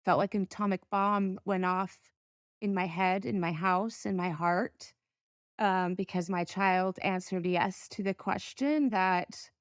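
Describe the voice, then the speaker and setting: A middle-aged woman, a podcast guest, telling a personal story in an earnest, halting way with pauses to gather herself. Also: lowish voice, no echo, studio quality.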